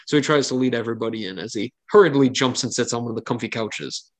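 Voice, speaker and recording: A man's voice: mid-range voice, fast. Man narrating as game master. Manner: casual, descriptive narration with fillers.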